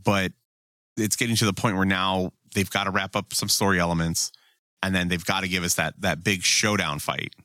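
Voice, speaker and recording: Brief: male co-host with a low, bright voice, swearing freely in animated banter. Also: no echo, studio quality. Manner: profane, animated, quick to act out quotes. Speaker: podcast co-host. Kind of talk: casual chat.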